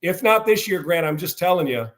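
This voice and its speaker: A man's voice: sits high, lively intonation, brisk. A man who played pro football, talking sports with enthusiasm, rambling and calling people brother. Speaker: former football player, guest commentator. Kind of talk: casual sports talk.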